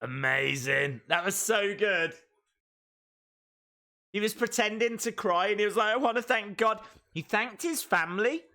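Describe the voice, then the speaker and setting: A man hosting a live reaction stream, chatting casually and excitedly to his viewers as he thinks out loud. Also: sits high, measured pace, pauses often.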